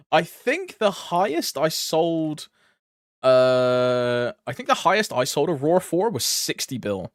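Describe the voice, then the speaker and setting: A young man rambling through a game stream with a slightly high voice that swoops up and down. He laughs a lot between stories and drops crude slang. The sound is dry and close, with no room echo. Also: big pitch swings, slow pace. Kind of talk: casual stream chat.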